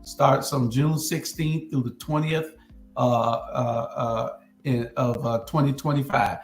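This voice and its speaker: A man's voice: medium pitch, slow pace, faint music behind. Roomy-sounding man announcing with many fillers. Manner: relaxed, hesitant, many fillers. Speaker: show host. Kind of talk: casual panel discussion. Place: live stream panel. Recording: roomy echo.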